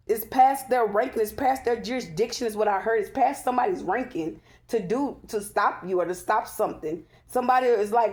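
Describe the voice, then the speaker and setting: A woman's voice: fairly high pitch, brisk, few pauses, a little mellow. Chatty woman giving a tarot reading. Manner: chatty, repeats "okay?" often, emphatic and preachy. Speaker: tarot reader. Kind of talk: casual spiritual tarot reading.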